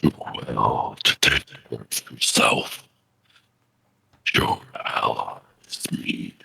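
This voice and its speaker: A man voicing a huge, gentle old male kraken with a deep, bellowing voice and slow, solemn speech. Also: gravelly, breathy edge, exaggerated voice. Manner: slow, solemn, drawn-out words. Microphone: voice call microphone.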